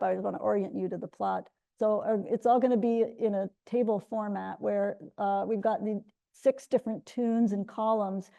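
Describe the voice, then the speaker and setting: A woman's voice: mid-range voice, gravelly, mellow. A middle-aged woman giving an academic linguistics talk, explaining step by step with frequent restarts. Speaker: linguistics lecturer.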